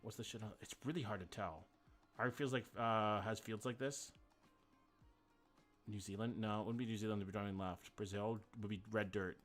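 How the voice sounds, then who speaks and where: A man's voice: on the low side, steady tone, moderate pace, a bit bright, soft background music. A man streaming a game live, thinking aloud, swearing casually and greeting viewers by name. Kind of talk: casual live-stream chat while playing.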